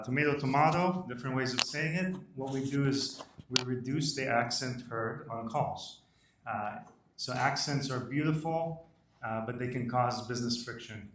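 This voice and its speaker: A man pitches his startup live at an event, brisk and matter-of-fact. He is picked up from across an echoing room. He leans on "uh" as he moves between points. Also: fairly bright tone, slight background noise. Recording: roomy audio from a distance.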